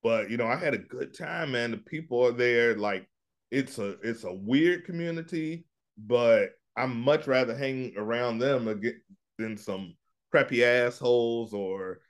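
A man's voice: mid-range voice, measured pace. Laid-back middle-aged man telling stories. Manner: laid-back storytelling, acts out his own lines in put-on voices. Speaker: podcast co-host. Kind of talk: casual chat.

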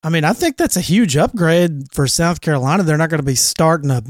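A man's voice: fairly high pitch, lively intonation, fast talker, dry recording, studio quality. A man co-hosting a casual sports podcast, talking loosely with profanity and frequent laughs. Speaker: podcast co-host.

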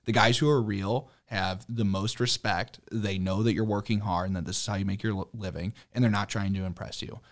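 A young man with a fairly low voice tells a story in a loose, casual conversation. He gets animated as it builds, laughing and cursing freely. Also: fairly quick, hardly any pauses. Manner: animated, swearing, laughing often. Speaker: car dealership worker.

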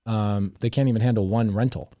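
A middle-aged real estate investor, appearing as a guest, tells casual stories animatedly and acts out the dialogue in them. His fairly low voice is brisk, recorded in studio quality with no echo.

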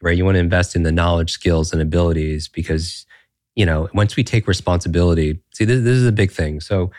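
A deep-voiced man talks as a podcast guest, earnest and animated, circling back through restarts and rhetorical questions. The sound is dry and close, with no room echo. His motivational storytelling runs at a conversational pace. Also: fairly quick. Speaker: podcast guest, brain coach.

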